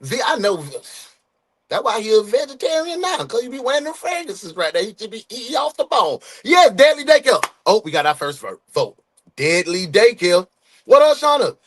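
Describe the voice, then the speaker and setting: Brief: upbeat male streamer, high voice, big swings in pitch, slangy and playful, shouts out chat. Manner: animated, shouting out viewers by name; loose slangy street talk, quick and playful. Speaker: livestream host greeting viewers. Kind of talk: casual livestream chat.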